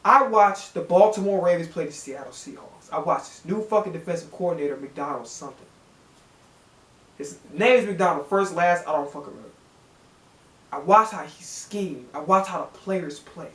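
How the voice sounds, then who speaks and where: A man's voice: a little high, normal speed, fairly bright tone. A man hosting a football reaction video, ranting with heavy profanity and lots of repetition. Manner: profane, ranting, repeats himself. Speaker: sports fan channel host. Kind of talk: heated football reaction rant. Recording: roomy echoey room.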